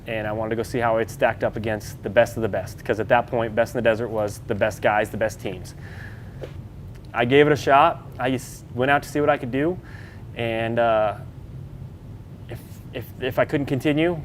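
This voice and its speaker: A man's voice: medium pitch, fairly even intonation, a little fast, a little hiss or hum. A man, an off-road racer, telling his story in a loose, chatty way during an interview. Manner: loose and chatty, many fillers, acts out quoted dialogue.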